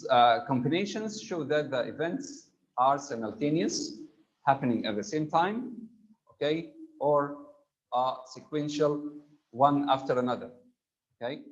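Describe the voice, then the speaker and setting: A man's voice: mid-range voice, lo-fi sound. A man teaching an online English grammar class, explaining terms and checking in with students. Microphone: computer mic on a video call.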